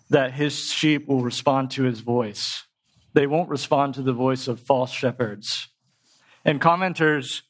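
A man preaching a sermon in a casual, explanatory way, with a tickle in his throat. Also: mid-range voice. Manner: conversational, explains with pop culture examples.

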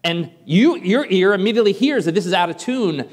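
A man's voice: high voice, lively intonation, fairly quick. A man preaching a sermon in a conversational way, with light self-deprecating humor, from the Northern US.

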